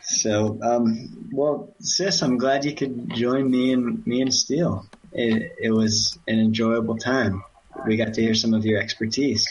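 A man's voice: medium pitch, steady tone, unhurried, a little mellow, a little hiss or hum, poor audio. A man hosting a podcast, chatting casually in a joking, rambling way. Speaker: podcast host.

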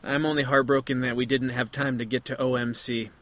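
A man's voice: medium pitch, little pitch movement, a little fast, fairly bright tone. A man hosting a podcast, teasing his co-hosts in a playful, casual chat. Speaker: podcast host.

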